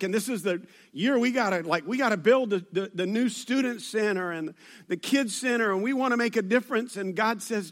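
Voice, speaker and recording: A man's voice: high-pitched, brisk, fairly bright tone. A man preaching a sermon to his church, talking conversationally and joking with the congregation. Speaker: pastor. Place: church service.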